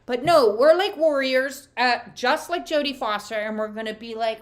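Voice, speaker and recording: A woman with a fairly high voice reads oracle cards for her viewers. She talks casually, filling gaps with "uh". She slips into dramatic voices to act out what people say. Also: moderate pace, few pauses. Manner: animated, acts out quotes with dramatic voices; conversational with frequent filler uh. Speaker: oracle card reader. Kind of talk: spiritual card reading to camera.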